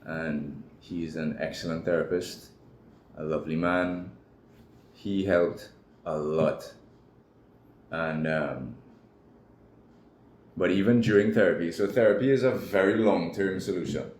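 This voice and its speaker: Deep-voiced man telling a candid story. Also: a little slow, pauses often, darkish tone. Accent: Trinidadian. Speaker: guest. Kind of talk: personal story in an interview. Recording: echoey room with faint noise.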